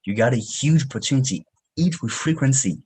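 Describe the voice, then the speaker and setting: Young male sales coach with a French accent, husky, lively pitch, energetic. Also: a little fast, rough recording. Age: young adult. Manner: energetic, punchy, slangy with "man". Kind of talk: motivational sales training talk.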